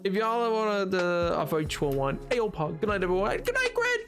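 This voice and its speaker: A man livestreaming a game, chatting casually to his viewers in an animated, giggly, rambling way. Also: high-pitched, a little fast, music in the background. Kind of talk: casual chat while gaming.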